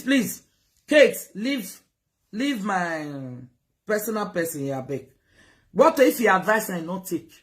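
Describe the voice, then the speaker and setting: A woman with a Nigerian Pidgin accent giving advice in a casual talk, animated and lecturing, switching between Pidgin and English. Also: mid-range voice. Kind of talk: casual live-stream talk. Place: United Kingdom.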